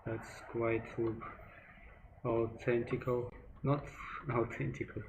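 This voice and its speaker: A man with a Russian accent, a native Russian speaker, giving live working-stream commentary as a sculpting instructor in halting, broken English while thinking aloud. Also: medium pitch, little pitch movement, gravelly, lo-fi sound. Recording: background noise with ticking clock.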